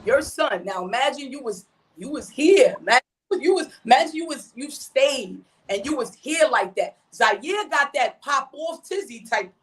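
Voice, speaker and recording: High-voiced, animated slangy woman. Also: moderate pace. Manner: slangy, repeats "you know what I mean"; animated, emphatic storytelling. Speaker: mother and podcast guest. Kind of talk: casual podcast chat.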